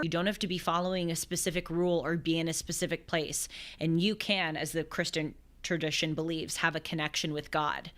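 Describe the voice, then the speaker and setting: A young woman in her twenties hosts a talk show and reflects on scripture. Her voice sits a little low. She speaks earnestly and thoughtfully, often circling back to restart a phrase. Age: 20s. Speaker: show host.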